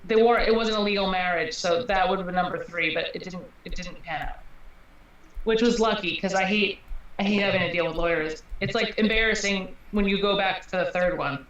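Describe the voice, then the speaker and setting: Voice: mid-range voice, brisk, a bit bright, lo-fi sound. Wry role-player, roomy and distant. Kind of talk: in-character improvised role-play. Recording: roomy sound from off-mic.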